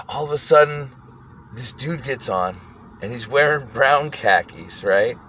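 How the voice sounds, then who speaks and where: A man casually telling a wild story, animated and profane, often breaking into laughter. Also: medium pitch, takes it slowly, slight background noise.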